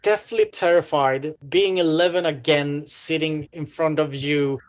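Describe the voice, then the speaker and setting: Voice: medium pitch, fairly even intonation, measured pace. A game master running a horror tabletop session with a mid-range voice. The narration wanders, full of "like" and restarts as the scene gets painted. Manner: rambling, descriptive, with many fillers.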